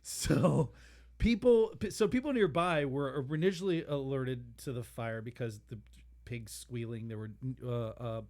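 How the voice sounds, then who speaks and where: A man co-hosts a comedy podcast, telling a history story casually and animatedly, laughing and putting on goofy, silly voices. His voice is mid-range and his pace measured.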